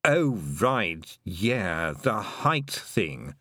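A man reading aloud, voicing a sardonic male toad with a slow, wry drawl. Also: low voice, sing-song, sharp tone, no room sound, studio quality, heavily acted.

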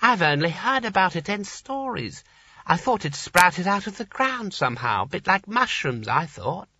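A man's voice: sits high, big pitch swings, moderate pace, pushed and bright, no echo, lo-fi sound, pitched above the performer's own voice, exaggerated voice. A man voicing a naive, dreamy old rich man who chats in happy wonder.

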